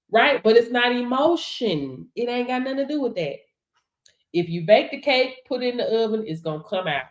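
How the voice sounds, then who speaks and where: Brief: woman, emphatic motivational livestream host, higher voice, echoey room. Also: a little mellow. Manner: preachy, emphatic, laughing, calls out to viewers. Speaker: livestream host and business coach. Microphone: livestream setup.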